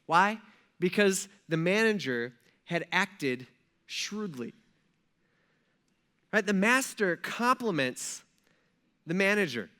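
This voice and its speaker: A man's voice: sits high, very animated, takes it slowly, long pauses, sharp tone. A male pastor preaching a conversational sermon, retelling a story in casual, slangy words and speaking directly to his congregation.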